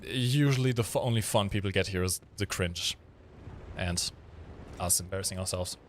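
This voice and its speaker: A man's voice: low-pitched, moderate pace, slight background noise. A man casually co-hosting a game stream, explaining mechanics while he plays and cracking dry jokes. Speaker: stream co-host playing the game. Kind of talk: casual gameplay commentary.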